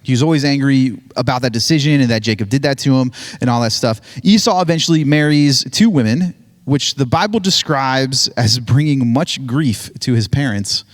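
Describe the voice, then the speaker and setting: A man's voice: mid-range voice, animated, normal speed. A man giving a casual, joking sermon, retelling a Bible story with lots of "like" and "right?". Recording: hall reverb on voice.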